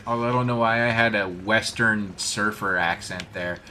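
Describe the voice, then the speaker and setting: A man's voice: fairly low pitch, fairly even intonation, moderate pace, pushed and bright, a little hiss or hum. A man giving casual, self-deprecating commentary while streaming a video game and greeting his chat.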